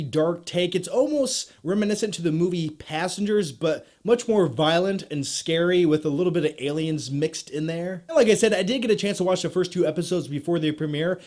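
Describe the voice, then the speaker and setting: A man's voice: on the high side, darkish tone. A man hosting a casual movie Q&A vlog, chatty and upbeat with self-deprecating asides. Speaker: YouTube movie reviewer host.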